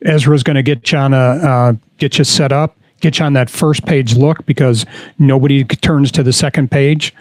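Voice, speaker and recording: A man's voice: mid-range voice, fairly even intonation, normal speed, dry recording. Easygoing male co-host telling stories. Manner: easygoing storyteller, reads posts aloud with fillers. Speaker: podcast co-host. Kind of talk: casual podcast chat.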